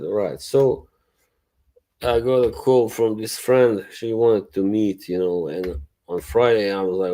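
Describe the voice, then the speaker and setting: A man hosting a casual live stream talks to his viewers in an unhurried, rambling way, with plenty of swearing and laughter. His voice sits very low with a warm, mellow tone. He speaks slowly and loosely, as if thinking out loud. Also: steady tone. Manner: greets and answers chat viewers. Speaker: livestream host.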